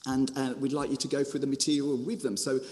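A man from Birmingham with a Birmingham accent, preaching a storytelling sermon as a children's ministry author, with a lively manner full of restarts and asides. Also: medium pitch, fast talker, big-room sound. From Birmingham, England.

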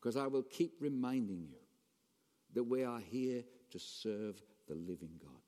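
Pastor preaching in an echoing hall. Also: male voice, mid-range voice, measured pace. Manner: animated, shifts between raised emphasis and quiet asides. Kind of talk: sermon. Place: church hall. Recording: long reverb of a church hall.

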